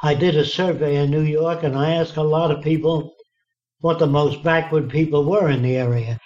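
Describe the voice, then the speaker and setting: A man's voice: fairly high pitch, fairly even intonation, moderate pace, a little mellow. A man being interviewed, telling stories in a blunt, folksy way and acting out what people said to him. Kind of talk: storytelling in conversation. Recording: dull lo-fi recording.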